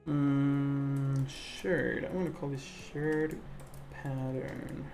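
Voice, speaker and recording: A live-stream host chatting casually while drawing, rambling with many fillers and self-corrections and often breaking into laughter and excited greetings. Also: mid-range voice, drawn-out words, creaky, over music. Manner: laughs easily, with sudden excited outbursts.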